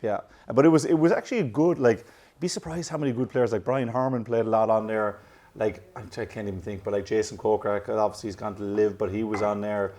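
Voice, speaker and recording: A man's voice: lowish voice, fast, darkish tone, a little hiss or hum. A man with an Irish accent tinged with American, chatting casually as an interview guest and rambling through his stories with plenty of restarts. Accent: Irish with some American drift. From Ireland. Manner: rambling, self-correcting, chuckles at himself. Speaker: professional golfer, guest.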